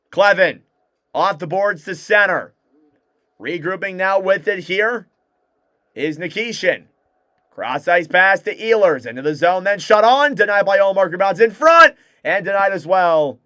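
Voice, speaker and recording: A young man doing live hockey play-by-play commentary as a fan streamer, calling the action quickly and reacting with excitement. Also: high voice, clean tone, no echo, studio quality.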